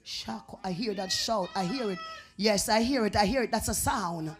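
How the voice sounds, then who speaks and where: A Jamaican woman preaching a revival sermon in a church, dropping to whispers and rising to shouts. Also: mid-range voice, moderate pace. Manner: swings from whispers to shouting, chanted tongues. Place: church sanctuary.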